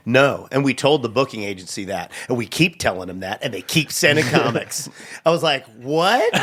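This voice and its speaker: A man's voice: mid-range voice, measured pace, slightly rough. A middle-aged man telling comic stories on a podcast, acting out the people in them and laughing often. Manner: lively, acts out voices of people in his stories, laughs often. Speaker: stand-up comedian guest. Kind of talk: animated storytelling on a podcast.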